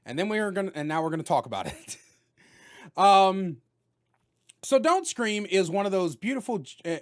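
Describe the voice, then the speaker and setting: A man giving a casual spoken video game review, talking loudly with jokes and animated delivery. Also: high voice, moderate pace. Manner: loud, animated and joking.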